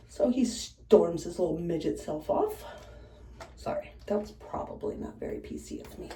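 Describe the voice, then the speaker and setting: A woman bartender casually telling stories while doing her makeup, blunt and animated, swearing freely. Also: lowish voice, normal speed, distant mic. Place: room in a house. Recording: echoey room, away from the mic, faint noise.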